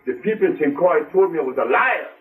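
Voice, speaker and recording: A man's voice: on the high side, lively intonation, quick pace, narrow, tinny audio. An older man giving an impassioned speech to a live audience, emphatic and repeating phrases for stress. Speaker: speaker to an audience. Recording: distant mic with faint music.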